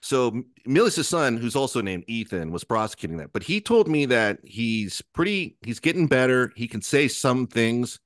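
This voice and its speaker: A man's voice: mid-range voice, normal speed, few pauses, dry recording, studio quality. A man as a podcast guest, telling an anecdote in a rambling, profane way and acting out the other people in it. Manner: animated storyteller who acts out other people's lines; profane, rambling, self-interrupting.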